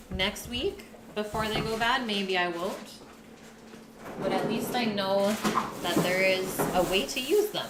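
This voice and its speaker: A woman's voice: mid-range voice, echoey room, background noise. A woman hosting a live cooking stream, chatting casually with her viewers and her partner while she cooks. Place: home kitchen.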